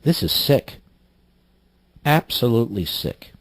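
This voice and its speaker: Brief: combative radio host, dry close studio sound, voice leaps up when outraged. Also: male voice, mid-range voice, sing-song, slow, no echo. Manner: indignant, mocking, sharp outbursts. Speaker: radio talk show host. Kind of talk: political talk radio commentary. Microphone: studio microphone.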